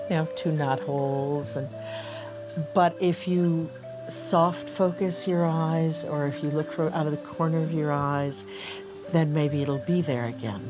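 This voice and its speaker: A woman speaking as an interviewee about fairy lore, calm and measured. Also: deep voice. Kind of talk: slow reflective talk. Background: music.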